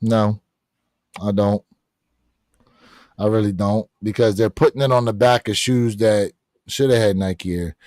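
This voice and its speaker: A man co-hosting a casual livestream, opinionated and animated, with his pitch rising when he gets excited. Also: measured pace, long pauses, dry recording, studio quality. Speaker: co-host of a sneaker livestream. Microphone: streaming setup.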